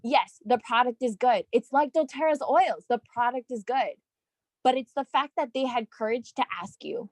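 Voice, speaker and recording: A woman leading a team call, coaching her sales team in an energetic, chatty way, often checking in with "right?". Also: on the high side, normal speed, no echo.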